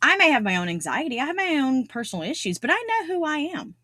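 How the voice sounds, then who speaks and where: A woman's voice: high voice, very animated, fast talker, sharp tone, dry recording, clean studio sound. A middle-aged woman hosting a solo self-improvement podcast, talking earnestly and repeating key phrases for emphasis. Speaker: podcast host.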